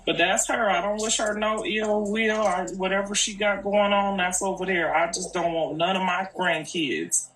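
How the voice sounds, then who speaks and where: A woman's voice: medium pitch, steady tone, moderate pace, hardly any pauses, fairly bright tone. Older woman, grandmother, casual live-stream talk, earnest and repetitive, far from mic, echoey noisy room. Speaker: grandmother speaking on a live video.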